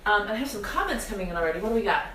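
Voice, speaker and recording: A woman's voice: medium pitch, lively intonation, very fast, fairly bright tone, reverberant, distant mic, a little hiss or hum, low-quality recording. A young woman hosting a live cooking demonstration in her home kitchen, chatting directly to viewers with self-deprecating humor while her eyes water from onions. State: teary-eyed from onions. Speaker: cooking show host. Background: kitchen clatter of pots and dishes.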